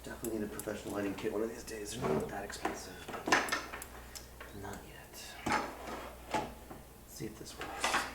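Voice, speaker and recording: A man's voice: lowish voice, steady tone, normal speed, pauses often, very noisy. A man streaming a game live, chatting casually and rambling with lots of fillers, on a desk mic. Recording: roomy room with game music.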